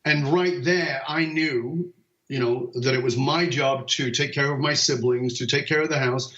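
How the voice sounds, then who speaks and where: A man from the United Kingdom, a motivational speaker guesting on a podcast, tells stories in a conversational way. He acts out voices and often restarts with "um" and "uh". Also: medium pitch. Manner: animated, acts out voices in anecdotes, frequent um and uh restarts. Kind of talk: conversational storytelling. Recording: roomy, dull lo-fi call audio.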